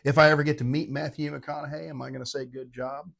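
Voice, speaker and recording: A man's voice: on the high side, flat delivery, fast talker, creaky, a bit bright. Rambling, irreverent man tasting whiskey. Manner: rambling, irreverent, self-mocking. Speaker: whiskey reviewer. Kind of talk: casual tasting vlog.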